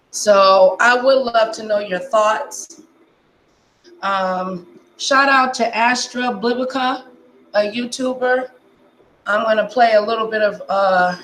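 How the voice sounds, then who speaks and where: Woman vlogging, talks slow, chatty n laughing, echoey room w/ a bit of noise. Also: mid-range voice, fairly bright tone. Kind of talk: casual commentary to viewers.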